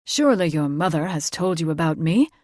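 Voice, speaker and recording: A woman's voice: deep voice, animated, a little fast, darkish tone, no echo, clean studio sound. A woman voicing a pompous, mocking male fae nobleman, a father, speaking with haughty condescension in an audiobook. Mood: pleading.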